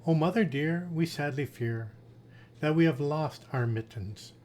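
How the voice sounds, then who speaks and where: A man's voice: on the high side, measured pace, darkish tone, lightly acted. A man voicing three fretful little kittens in a storybook reading, pleading and whiny.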